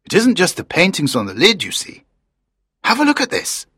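A man's voice: high voice, wildly swooping pitch, moderate pace, sharp tone, husky, dry recording, clean studio sound, exaggerated voice. A man voicing a proud, enthusiastic production director in his late fifties, in audiobook character dialogue.

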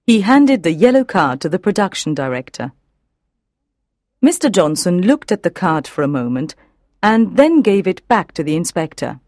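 A woman narrating an audiobook in a measured, even reading. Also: fairly low pitch, dry recording, clean studio sound.

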